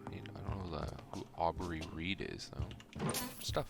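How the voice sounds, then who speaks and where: A man's voice: low voice, fairly even intonation, normal speed, gravelly, very noisy. A man streaming a video game, muttering to himself and cracking wry asides at the characters. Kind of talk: gaming livestream commentary. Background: loud game music.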